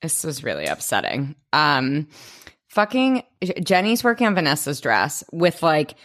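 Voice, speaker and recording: A woman's voice: sits low, sing-song, measured pace, fairly bright tone. A young adult woman co-hosting a podcast, recapping a TV episode in casual chat, swearing freely and acting out the characters. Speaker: podcast co-host.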